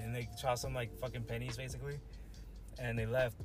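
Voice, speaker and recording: A man's voice: mid-range voice, level tone, brisk, faint music behind. A young man co-hosting a casual podcast chat, slangy and swearing, laughing often. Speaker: podcast co-host.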